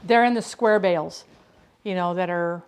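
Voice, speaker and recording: A woman's voice: on the low side, moderate pace, smooth. A middle-aged woman chatting casually with her live-stream viewers as she cooks in her home kitchen, rambling with frequent restarts. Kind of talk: casual live-stream chat while cooking.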